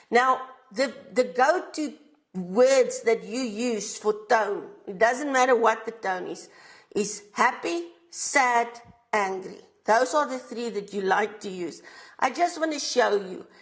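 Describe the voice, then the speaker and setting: South African woman, fairly high voice, patient revision teacher who keeps checking in with students. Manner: explains step by step, often checking with "right?". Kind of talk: exam revision lesson.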